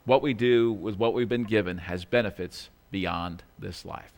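A man's voice: fairly low pitch, unhurried. A man preaching a sermon as pastor, talking in a conversational way with asides and self-corrections, sometimes acting out quoted lines in a small pleading voice.

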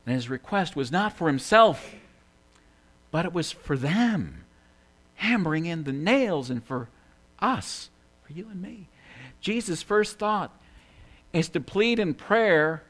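Animated preaching man, soft to loud. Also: high-pitched, measured pace, pauses often. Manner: dramatic swings between soft hushed lines and loud emphatic ones; repeats key phrases for emphasis. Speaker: pastor. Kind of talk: sermon.

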